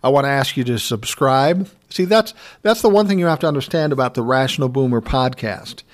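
A man's voice: mid-range voice, animated, brisk. A man in his sixties hosting a solo podcast, telling personal stories in a candid, reflective, conversational way. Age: 60s. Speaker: podcast host.

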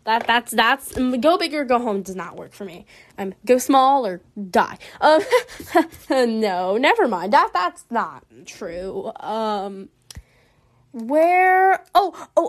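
Rambling, slow-talking woman vlogger. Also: on the high side. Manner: rambling, self-deprecating, stammering restarts. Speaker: art vlogger. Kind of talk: casual chat while drawing.

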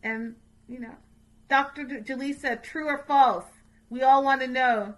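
A woman's voice: high voice, fairly even intonation, a little slow, poor audio. A woman in a casual chat, recapping a reality show for her viewers, opinionated and chatty with sassy asides.

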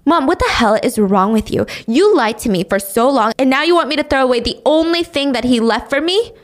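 A woman's voice: high voice, lively intonation, fairly quick. A woman voicing a confused, upset young woman of about twenty-five who pleads in a raised voice. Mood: angry.

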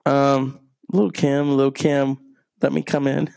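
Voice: medium pitch, little pitch movement, slow, creaky, mellow, clear, resonant tone, no room sound. A streamer rambling through a profane, meandering story in a casual monologue.

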